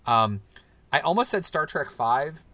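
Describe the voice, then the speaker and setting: A man's voice: fairly high pitch, very animated, a little slow, bright, forceful tone. A man in his thirties hosting a casual chat, talking loosely with lots of "like" and restarts. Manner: rambling, loose, full of "like" and restarts. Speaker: podcast host.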